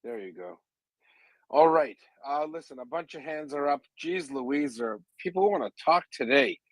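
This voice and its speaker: A man's voice: fairly high pitch, expressive, moderate pace, no echo, poor audio. Wry Canadian man hosting a chat. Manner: wry, teasing, sarcastic. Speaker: host. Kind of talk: casual live audio chat.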